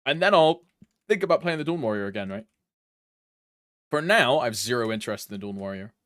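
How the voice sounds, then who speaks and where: His allergies acting up, a young man from Britain talks casually to his stream chat, drifting between ideas and humming softly between lines. He's expressive and brisk, with wide pitch swings, and the audio is close and dry with no room echo.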